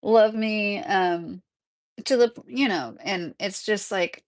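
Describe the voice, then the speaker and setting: Middle-aged woman, casual livestream host, rambling and talkative, medium pitch. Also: slow. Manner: chatty and rambling, lots of "like" and "um", laughs often. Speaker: livestreamer answering chat.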